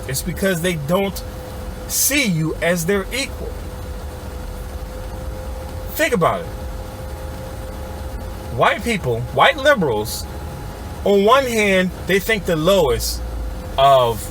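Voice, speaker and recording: A man's voice: fairly high pitch, big pitch swings, slow, long pauses, fairly bright tone, a little hiss or hum. A man giving a heated, sarcastic political commentary straight to his viewers, calling them y'all. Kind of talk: ranting video commentary.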